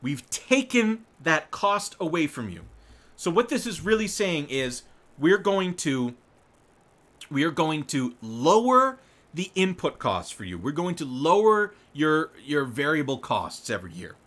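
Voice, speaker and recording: A man's voice: on the high side, sing-song, a little slow, fairly bright tone. A man hosting live political commentary, reading news aloud and breaking in with rambling, swearing asides and frequent laughs. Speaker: show host.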